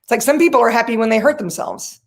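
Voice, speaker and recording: A woman with a high-leaning voice, vocal fry and a fast pace appears as a talk-show guest, animatedly telling a personal story. She laughs often and acts out the voices of the people she quotes.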